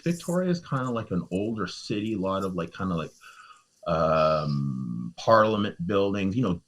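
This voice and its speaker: A man telling a personal story on a podcast in a casual, animated way, acting out the lines people said and swearing freely, with lots of fillers. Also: fairly low pitch. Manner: animated, acts out what people said, heavy use of "like" and "you know". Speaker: true crime podcast host telling a personal story as a guest.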